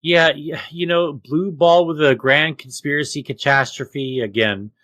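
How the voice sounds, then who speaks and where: A man co-hosting a casual podcast, ranting with lots of swearing and loud outbursts. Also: a little high, fairly even intonation, measured pace, no echo. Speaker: podcast co-host.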